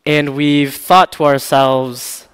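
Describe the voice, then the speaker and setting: A man's voice: a little high, flat delivery, takes it slowly, fairly bright tone, smooth. Man preaching, story-driven sermon in a reverberant church. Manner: candid and self-deprecating, laughs often. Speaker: pastor. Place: church sanctuary. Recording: long reverb of a church hall.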